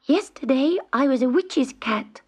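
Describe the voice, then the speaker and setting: A woman's voice: sits high, lively intonation, a little slow, slightly rough, voice pushed up, full character voice. A woman voicing an eager little kitten. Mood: wistful. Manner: bright, eager, polite. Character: earnest young male kitten, gentle and eager. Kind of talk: storybook reading. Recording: dull old cassette tape.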